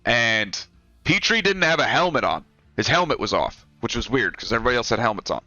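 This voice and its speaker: A man's voice: mid-range voice, big pitch swings, fairly quick, pushed and bright, dry recording. A young man, a former Marine, casually telling a rambling, profane story while pointing things out on a map. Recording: dry, dull lo-fi sound with faint music.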